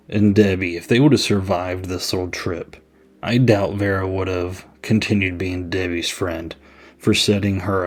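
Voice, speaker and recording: A man hosting a podcast, giving a casual, chatty movie review with many "I mean"s. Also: low voice. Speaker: podcast host.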